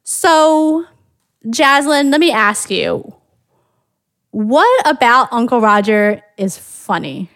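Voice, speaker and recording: A woman's voice: a little high, very animated, slow, fairly bright tone, no room sound, studio quality. A woman from the United States hosting a podcast, chatting casually and thinking aloud with frequent restarts. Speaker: podcast host.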